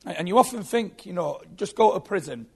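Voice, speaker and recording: A man's voice: high voice, expressive, fairly quick, gravelly, a little mellow, husky. A man telling his own story as a Christian testimony, earnest and often repeating his words. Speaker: former prisoner giving testimony.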